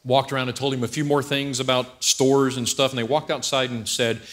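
With a medium-pitched voice that runs a little fast and barely pauses, a man preaching at church delivers a funny sermon, animatedly acting out scenes and joking throughout.

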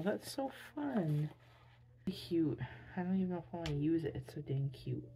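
A tired woman chatting casually while unboxing gifts, gushing with excitable squeals over cute things. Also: lowish voice, a little hiss or hum. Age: adult with a son. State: tired, drained. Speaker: vlogger.

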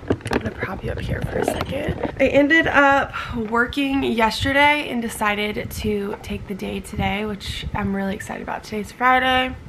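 A woman's voice: on the high side, fairly even intonation, moderate pace. A woman in her twenties chatting casually and upbeat to her vlog camera from her bedroom at home. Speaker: vlogger. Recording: noisy background.

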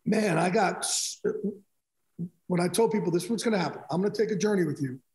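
A fast-talking, high-voiced middle-aged man, a sports broadcaster guest, tells stories in a casual interview. He is animated and re-enacts conversations in quotes, and the room is echoey.

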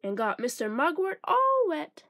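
A woman reading a children's picture book aloud, expressive and playful with sound effects. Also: high-pitched, a little slow, dry recording, studio quality. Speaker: storybook reader.

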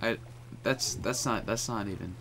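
A man's voice: on the low side, moderate pace, a crowd in the background. A young man hosting a casual let's-play, jumpy and stammering, often nervous. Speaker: gaming channel host.

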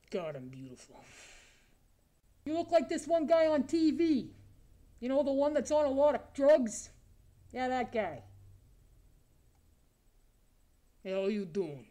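A man's voice: very high-pitched, dark tone. A man voicing a crude, lonely, self-admiring male creature with razor teeth, taunting strangers in an improvised comedy video chat.

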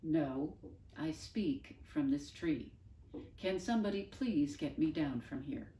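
A woman voicing a vain talking dog who speaks in a slow, deadpan drawl. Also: sits low, full character voice. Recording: roomy, distant mic.

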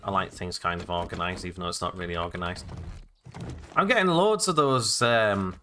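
Guy rambling thru a zombie game, bright bouncy voice, faint hiss behind. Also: deep voice, moderate pace. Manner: jokey, rambling, exclamatory asides. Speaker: gaming let's-play host. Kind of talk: casual gameplay commentary.

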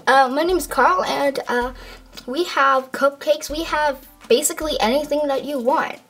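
A woman's voice: high-pitched, normal speed, fairly bright tone, soft background music. A woman voicing an eager young male pet shopkeeper in a toy skit, chirpy and flustered, often stammering. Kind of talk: toy skit role-play.

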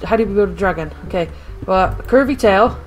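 This is live gameplay commentary from a woman gaming host who rambles to herself over her own play, often flustered and panicking. Her medium-pitched voice is expressive and fairly quick, with faint music in the background.

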